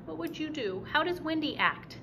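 Bright, animated woman teacher doing a recorded lesson for kids, slow and encouraging, faint hiss behind. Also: high-pitched. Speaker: fourth grade teacher. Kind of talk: recorded online reading lesson.

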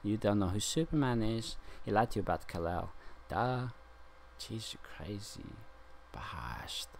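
A man's voice: lowish voice, normal speed, darkish tone, a little hiss or hum. A man talking in a rambling monologue that drifts between loose talk, nonsense syllables and chant-like sounds.

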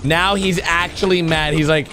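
A man hosting a reaction video, commenting on animations with loud exclamations and quick drops into low, muttered asides. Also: fairly even intonation, music in the background.

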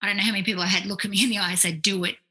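Racing along in a slightly rough mid-range voice, an Australian clinical psychologist in her forties tells anecdotes as a podcast guest. She animates her stories by acting out quoted voices, all on poor audio.

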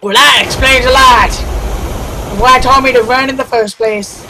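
A young man commenting on his own gameplay, loud and excitable with frequent yelling outbursts. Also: very high-pitched, moderate pace. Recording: noisy home mic.

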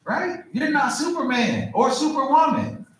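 A middle-aged male pastor preaching in a lively, conversational way with humor. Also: very high voice, unhurried, slight background noise. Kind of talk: sermon. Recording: echoey church hall.

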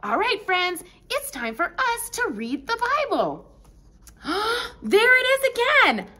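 A young woman teaching a Bible lesson to preschool children, animated and full of exclamations. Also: extremely high pitch.

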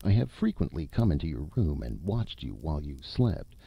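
A man's voice: extremely low pitch, very animated, normal speed, vocal fry, breathy edge, heavily acted. A man voicing a polite but fretful male ghost in a story reading, eager and fussy in manner. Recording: dull lo-fi recording.

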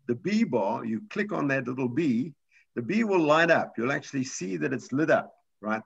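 A man's voice: mid-range voice, creaky, a bit bright, breathy edge, dull audio. A man teaching a computer class, explaining step by step in a patient way with frequent restarts. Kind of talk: live class lesson.

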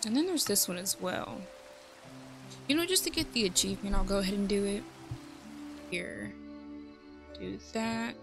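A woman's voice: mid-range voice, moderate pace, gravelly, long pauses, music in the background. A woman giving casual gameplay commentary, chatty and thinking aloud, joking at herself. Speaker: let's play host.

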